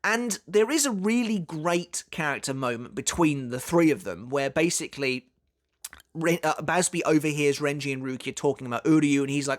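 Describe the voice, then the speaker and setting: A man's voice: a little high, lively intonation, normal speed. A man casually talking through an anime character analysis for his video channel, chatting along with plenty of fillers and restarts. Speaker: anime commentary YouTuber.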